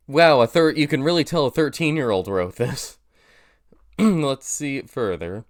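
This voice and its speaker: A man's voice: mid-range voice, animated, normal speed. A young man with a nasal voice, rambling through casual reaction commentary with lots of fillers and restarts, poking fun at himself. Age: young adult. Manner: rambling, self-deprecating, many fillers and restarts. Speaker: YouTuber reacting to his old video.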